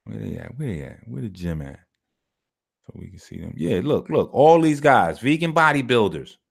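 A man's voice: on the low side, very animated, moderate pace, creaky, husky. A man hosting a video, giving casual commentary on clips in an emphatic, slangy, profane way and repeating his phrases for effect. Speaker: video host.

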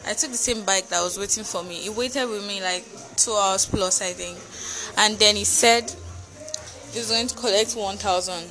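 A woman's voice: medium pitch, a bit bright. A young woman with a Nigerian accent ranting casually to camera, frustrated and cursing, tripping over her words, exhausted and cold. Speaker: vlogger.

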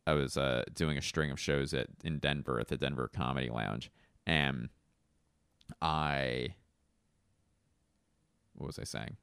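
A stand-up comedian from Philadelphia telling a rambling, casual anecdote full of fillers and self-corrections. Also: male voice, extremely low pitch, steady tone, measured pace, gravelly, pauses often, a bit bright, smooth, no echo, studio quality.

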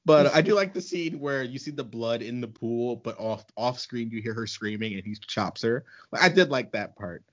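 A man co-hosting a casual podcast chat, animated and exasperated, laughing often. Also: mid-range voice, moderate pace, few pauses. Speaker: podcast co-host. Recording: muffled lo-fi.

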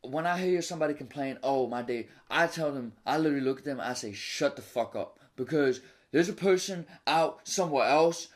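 A man's voice: a little high, fairly quick, few pauses. A man from Maryland, a cook appearing as a podcast guest, ranting in a fired-up way with lots of swearing and stumbling restarts. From Maryland, USA. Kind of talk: casual podcast chat.

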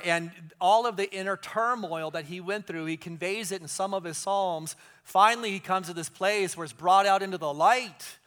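A man preaches as a pastor in a conversational, animated way, sinking into hushed tones when he wants emphasis. His voice sits high and sounds smooth.

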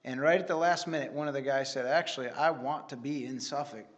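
A man's voice: mid-range voice, a little fast, dull audio. Earnest man giving a rambling testimony. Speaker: church member giving testimony. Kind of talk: sermon testimony.

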